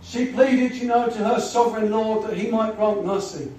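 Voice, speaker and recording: A man's voice: high voice, moderate pace, a little mellow. A man preaching a gospel sermon, earnest and pleading, often saying "you know". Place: church or gospel hall. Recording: echoey hall, voice from far off, faint noise.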